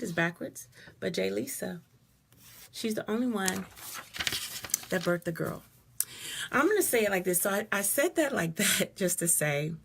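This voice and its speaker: A middle-aged woman speaking to a live audience in a lowish, gravelly voice with a bright, forceful edge. She talks in an expressive, conversational way and stops mid-thought to greet viewers by name. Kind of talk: personal talk to live viewers.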